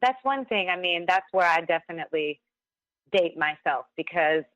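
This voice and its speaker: A woman's voice: on the low side, lively intonation, normal speed, fairly bright tone, dry recording, dull audio. A woman, a singer and actress, chatting as a podcast guest in an upbeat way and laughing often. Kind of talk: casual interview chat.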